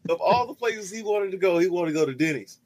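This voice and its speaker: Guy on a podcast telling a bar story, higher voice, dry close mic, laughs a lot. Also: quick pace, no echo, low-quality recording. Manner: animated, laughs often, repeats himself. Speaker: podcast co-host.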